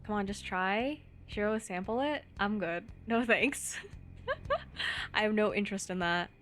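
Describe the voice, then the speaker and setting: A woman's voice: medium pitch, measured pace, a bit bright. Young woman streamer, giggly, chatty, casual reading with faint music underneath.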